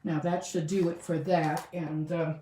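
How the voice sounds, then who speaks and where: At her craft table, a woman demonstrates card-making in a casual tutorial, chatting and thinking aloud with fillers as she goes. Her low, dark voice is delivered flatly at a measured pace, with a faint hiss or hum present. A camera mic above the table sits some distance away, giving the sound a roomy quality.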